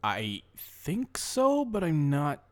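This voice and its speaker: A man's voice: on the high side, huge pitch swings, slow pace. A man co-hosting a comedy podcast, bantering in improvised bits, often bewildered and sometimes bursting into mock outrage.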